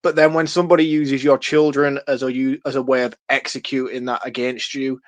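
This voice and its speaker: A man's voice: medium pitch, level tone, brisk, no room sound. A man, chatting casually and animatedly as a podcast co-host, laughing and swearing freely. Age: 30s. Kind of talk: casual film-review chat.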